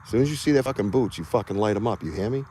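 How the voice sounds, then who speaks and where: Low, lively man telling war stories. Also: racing, slight background noise. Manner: profane, animated war storytelling with acted shouts. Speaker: podcast host. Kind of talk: casual storytelling on a live outdoor stream.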